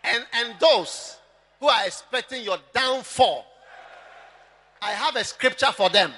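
A male pastor preaching a sermon, impassioned and often shouting, sometimes mimicking his listeners. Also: very high voice, a little slow, long reverb tail.

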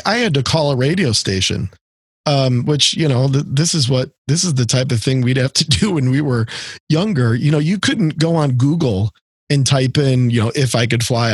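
Middle-aged guy rambling about records, gravelly, dry close sound. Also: medium pitch, no echo. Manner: rambling, many fillers and restarts. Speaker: podcast co-host. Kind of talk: casual music chat.

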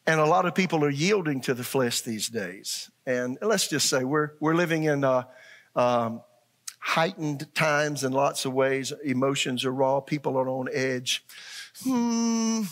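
A middle-aged pastor preaching a sermon, animated, acting out voices and asking the congregation questions. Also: male voice, medium pitch, measured pace.

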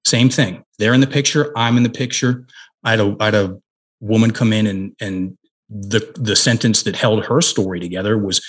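Interview guest, middle-aged man, husky and a bit low, earnest and halting. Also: fairly even intonation. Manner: earnest, with frequent restarts and emphatic pauses. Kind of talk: conversational interview storytelling.

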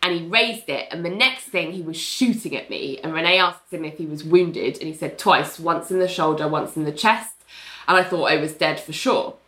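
A woman's voice: low-pitched, normal speed, fairly bright tone. A woman casually recapping a TV episode as a podcast co-host, a chatty, laughing storyteller who fills her talk with "like". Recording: echoey room.

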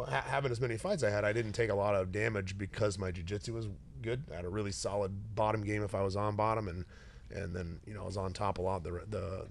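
A middle-aged man, a retired fighter hosting a relaxed interview, tells stories in a slightly low voice. He gets animated and acts out the voices of people in his anecdotes. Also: gravelly, a little hiss or hum. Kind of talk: casual interview chat.

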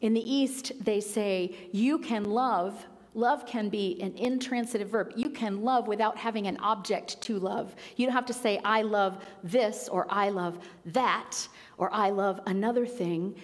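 A woman preacher giving a gentle, reflective sermon with emphatic repetition. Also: mid-range voice, a little slow, few pauses. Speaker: pastor. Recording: long reverb of a large hall.

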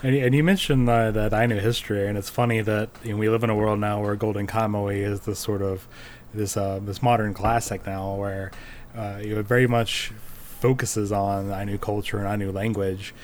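A man co-hosting a podcast, talking in a relaxed, thoughtful way. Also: lowish voice, moderate pace, slight background noise. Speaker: podcast co-host. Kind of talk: casual podcast discussion.

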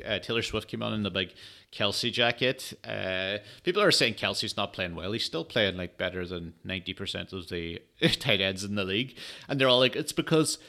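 A man's voice: lowish voice, pushed and bright. A man hosting a casual solo sports podcast, rambling and swearing with lots of fillers, tired and yawning. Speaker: podcast host.

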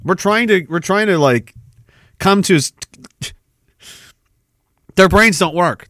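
A young adult man hosting a casual livestream, blunt and combative, and he swears freely. His voice sits a little high for a man. The sound is close and dry, with no room around it. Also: lively intonation, takes it slowly, long pauses, a bit bright, no room sound. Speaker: podcast host reading chat.

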